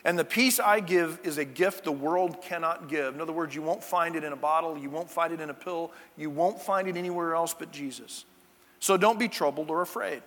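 A man's voice: on the high side, a little fast, a bit bright. A male pastor giving a conversational sermon, with chatty, jokey asides to the congregation, in a church sanctuary. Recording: long church-hall reverb.

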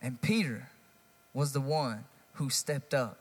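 A male pastor giving a sermon, casual and animated, stressing lines and talking straight to the congregation. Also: medium pitch, slow, breathy edge, big-room sound. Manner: animated, conversational preaching with rising emphasis.

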